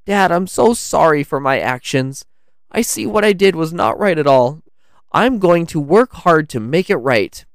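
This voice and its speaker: A mischievous little elf boy, high strained voice, storybook read. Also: moderate pace, clear, resonant tone, no echo, studio quality. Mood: tearful pleading. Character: young male elf, naughty but remorseful.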